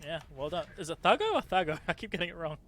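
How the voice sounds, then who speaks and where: High-voiced excitable man commentating. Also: quick pace. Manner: excitable, laughs often, self-correcting. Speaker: tournament caster. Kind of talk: casual game commentary.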